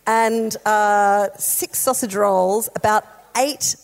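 A woman telling a bubbly, animated story on stage to an audience. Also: medium pitch, slow pace, gravelly. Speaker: comedy duo performer. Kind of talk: onstage chat with audience. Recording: reverberant venue hall.

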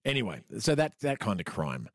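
A man's voice: fairly low pitch, huge pitch swings, fairly quick, no echo, clean studio sound. Wry Australian man reading his memoir. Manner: laughs often while reading, wry. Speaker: podcast co-host reading from his own memoir. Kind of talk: storytelling podcast chat, reading aloud.

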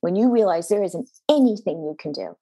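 A woman's voice: medium pitch, animated, brisk, dark tone, slightly rough, dry recording. A woman pastor, a podcast guest, telling a personal faith story in an earnest, intense way with a shifting pace.

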